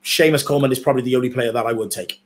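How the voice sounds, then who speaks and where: A man co-hosting a live football watchalong in a chatty, easygoing way. He reads viewer comments aloud and weighs in on them. His voice sits at a middling pitch. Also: very fast. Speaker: co-host. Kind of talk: casual football watchalong chat.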